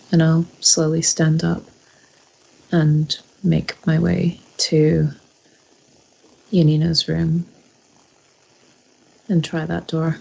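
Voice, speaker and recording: Low, husky woman playing a tabletop character. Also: monotone, very slow, pauses often, rough recording. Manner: soft, hesitant, quietly earnest. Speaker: player. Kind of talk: in-character tabletop role-play.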